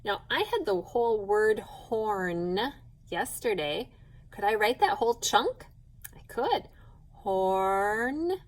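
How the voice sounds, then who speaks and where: Woman teacher, phonics lesson for kids; unhurried, patient, sounds out each syllable. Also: mid-range voice, low-quality recording. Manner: slow, clear, patient classroom delivery, sounding words out. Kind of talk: recorded phonics lesson for children.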